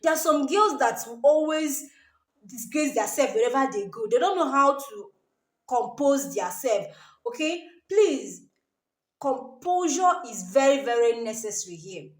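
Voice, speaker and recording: A Nigerian woman with a high voice that leaps all over as she lectures with emphasis. She keeps repeating her point and tacking "okay?" onto her advice. The room gives her voice a noticeable echo. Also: expressive, measured pace. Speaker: vlogger giving advice. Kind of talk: casual advice talk to camera.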